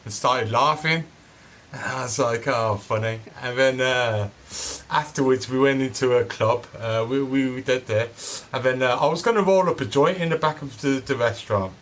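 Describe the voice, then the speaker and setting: A man's voice: medium pitch, normal speed, a bit bright. A man telling a casual, rambling story full of fillers and restarts. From Birmingham, England. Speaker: cannabis seed breeder telling a story.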